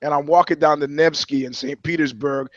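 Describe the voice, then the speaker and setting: Guy riffing crude stories on a podcast, kinda high voice, dry dull sound. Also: fairly quick, no room sound. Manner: animated, swearing, acts out voices in anecdotes. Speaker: podcast co-host. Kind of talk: profane comedic storytelling.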